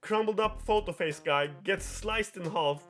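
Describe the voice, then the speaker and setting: A man's voice: high voice, a little slow, fairly bright tone, faint music behind. A young man hosting a show, retelling a game plot in a rambling, profane, giggly way. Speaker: host.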